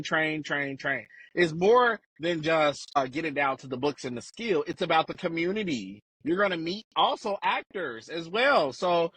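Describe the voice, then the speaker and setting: A middle-aged man from Chicago, guest in a casual interview, telling stories animatedly and acting out quotes with big pitch jumps. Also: a bit bright, no room sound.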